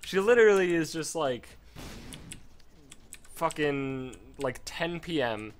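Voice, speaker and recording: A man's voice: on the high side, animated, takes it slowly, a little hiss or hum. A man giving casual gameplay commentary from home at a desk mic, rambling into a profane story. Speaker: let's play gamer.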